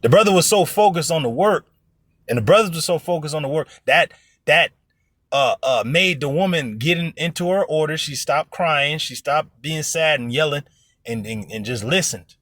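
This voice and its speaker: A man's voice: a little high, lively intonation, normal speed, a bit bright, no echo, clean studio sound. A man preaching informally to an online audience, blunt and profane, who acts out other people's voices in his stories. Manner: blunt, profane, emphatic exhortation. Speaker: religious teacher.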